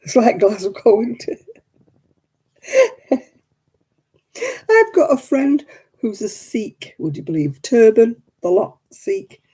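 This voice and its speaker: A woman from Oldham with a softened northern English accent, chatting casually on her crafting video and laughing often. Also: fairly high pitch, wildly swooping pitch, slow pace, pauses often, husky. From Oldham, England. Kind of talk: casual chat.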